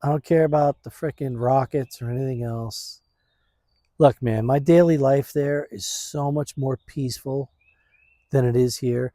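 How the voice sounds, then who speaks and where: Slow easygoing man, casual vlog chat, mellow voice, dry outdoor sound, phone on a stand. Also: mid-range voice, fairly even intonation, no room sound. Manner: laid-back, rambling, says "man" and "dude" a lot. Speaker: vlogger. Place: outdoors in his backyard.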